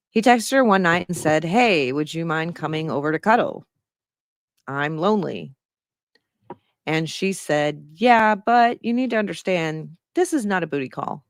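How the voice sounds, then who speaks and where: A middle-aged woman with a lowish voice reads a news article aloud and comments on it casually, blunt, sarcastic and swearing freely. The studio sound is clean with no room sound.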